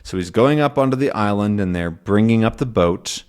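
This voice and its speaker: A man teaching English to learners, explaining a comic slowly and patiently, repeating and rephrasing, often checking "right?". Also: on the low side, animated, a little mellow, clear, resonant tone. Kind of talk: slow explanation for language learners.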